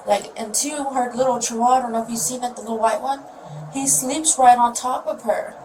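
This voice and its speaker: A woman with a slightly high, fairly even voice speaks briskly as a mother under police questioning, rambling and upset and often trailing off mid-sentence. It's a recorded police interview captured on a distant mic with loud noise.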